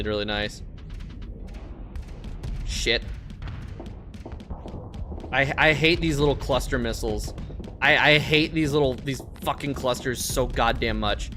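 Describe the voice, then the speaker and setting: A man streaming a space game, talking casually over his play, swearing a lot and getting loudly frustrated. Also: medium pitch, measured pace, pauses often, soft background music. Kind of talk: casual live-stream gameplay commentary.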